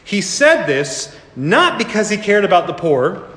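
Very animated yet a little slow, a high-pitched man with a fairly bright tone preaches in a church. He tells the scene vividly, acting bits of it out, and the hall echoes.

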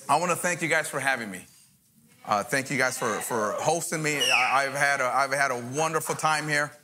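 A man's voice: medium pitch, a little slow, long pauses, noisy background. A man, a guest pastor, mixing joking asides with fervent preaching in a church sermon.

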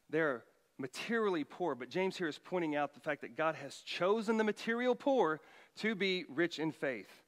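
A middle-aged man preaching a sermon as pastor, emphatic, his voice rising loud for quoted commands. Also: a little high, animated, moderate pace, long reverb tail.

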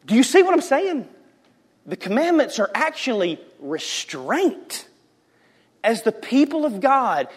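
A pastor in his forties preaches with a somewhat raised pitch, switching between teaching and lively storytelling. He acts out the voices in his stories and laughs along the way. His voice rings out with a long reverb in a church hall. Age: 40s. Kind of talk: sermon. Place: church sanctuary.

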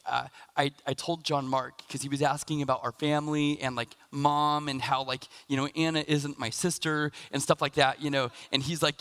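A man in his thirties preaching a sermon in a casual, halting way, with many fillers and restarts as he tells stories. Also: fairly high pitch, a bit bright. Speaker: pastor.

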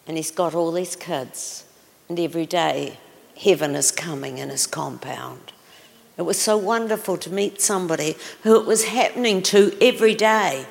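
Woman preacher with a gravelly voice. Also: lowish voice, normal speed. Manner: exclaiming, questions the audience. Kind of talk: sermon storytelling. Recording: long reverb of a large hall.

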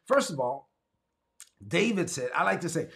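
A man's voice: fairly high pitch, very animated, moderate pace, a bit bright. A man from Brooklyn preaching an emphatic livestreamed sermon, repeating refrains and asking viewers to write in the chat. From Brooklyn, New York. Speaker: pastor.

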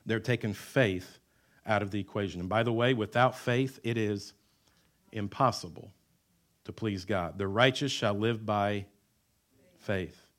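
A man preaching a sermon, who mixes humorous asides with emphatic lines and drops to quiet, stretched-out words. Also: fairly low pitch. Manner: wide swings between loud emphatic lines and quiet, drawn-out words; conversational asides and self-deprecating humor. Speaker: pastor.

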